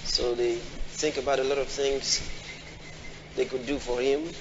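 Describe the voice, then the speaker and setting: A man preaching a sermon, often asking the congregation questions and acting out quoted voices in a high pitch. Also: level tone, a little slow, background noise. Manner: call-and-response questions to the congregation. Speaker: pastor. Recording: dull audio in a large reverberant hall.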